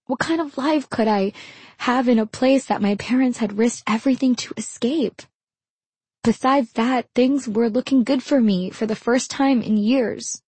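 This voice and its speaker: A woman narrating her own memoir in the first person, in a measured, intimate storytelling manner. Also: a little high, darkish tone, breathy edge, no room sound.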